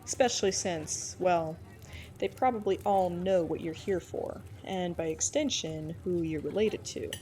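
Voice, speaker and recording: A woman's voice: fairly low pitch, unhurried, mellow, a little hiss or hum. A woman hosting a let's play, casually commenting and reading game text aloud in a playful, chatty way. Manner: playful, chatty, reacts with frequent laughs. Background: game background music.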